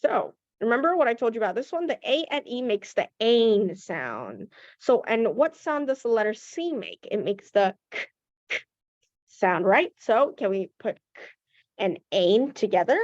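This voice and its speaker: A woman's voice: fairly high pitch, very animated, normal speed, a little mellow, no room sound. A woman teaching young children English phonics, patiently sounding out letters and praising answers. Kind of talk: slow phonics lesson to children. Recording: dull lo-fi recording.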